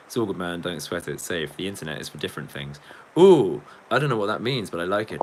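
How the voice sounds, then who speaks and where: A man's voice: low voice, big pitch swings, fast, a little hiss or hum. Sweary rambling man streaming. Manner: swearing, rambling, laughing often. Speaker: livestreaming musician reading chat. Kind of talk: casual livestream chat.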